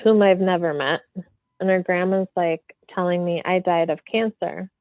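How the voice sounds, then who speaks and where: A woman medium, a podcast guest, telling a story in a free-flowing, animated way full of fillers. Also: lowish voice, moderate pace, no echo. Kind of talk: casual storytelling in an interview. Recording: tinny phone-like line, dry.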